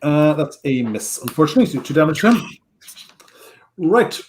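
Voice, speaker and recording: A man acting as game master in a casual tabletop game over a video call, giving quick rulings with frequent fillers. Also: a little high, big pitch swings, darkish tone, a little hiss or hum.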